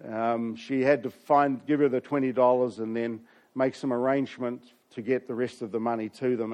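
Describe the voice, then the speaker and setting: A man's voice: mid-range voice, a little mellow, dull audio. Pastor guy telling a story in his sermon, chats to the congregation.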